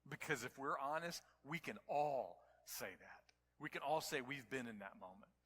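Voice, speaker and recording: A man preaching a sermon to his congregation, telling stories and building to near-shouts at the climaxes. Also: mid-range voice, lively intonation, normal speed, big-room sound, a little hiss or hum. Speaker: pastor. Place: church sanctuary.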